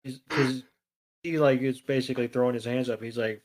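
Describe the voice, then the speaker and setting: A man's voice: medium pitch, fairly even intonation, brisk, a little mellow. Profane, sarcastic podcast co-host man. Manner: profane, sarcastic retelling with mock voices. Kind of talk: casual episode recap.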